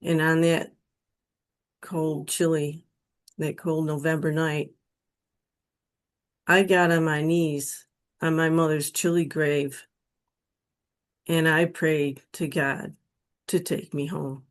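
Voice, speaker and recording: A middle-aged woman from Western New York slowly telling a personal spiritual testimony, emotional and earnest. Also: low voice, level tone. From Western New York State. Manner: slow, emotional, pleading when quoting her prayers. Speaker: guest telling her near-death experience story.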